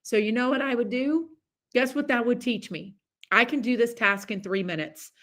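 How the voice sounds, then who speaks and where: A middle-aged woman hosting a podcast, talking in a chatty, animated way with many asides and restarts as she gives a casual motivational talk. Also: fairly high pitch, normal speed. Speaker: podcast host.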